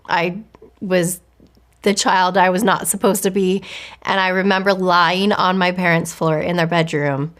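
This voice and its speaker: A woman sharing her faith testimony in a candid, reflective way. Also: on the low side. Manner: reflective, candid, with soft laughs. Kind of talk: personal storytelling. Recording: faint music underneath.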